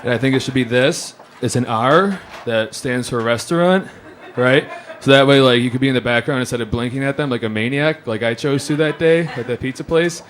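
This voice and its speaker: A man's voice: mid-range voice, a little fast, a little hiss or hum. A man telling a comic story in a casual way, swearing and acting out other people's lines.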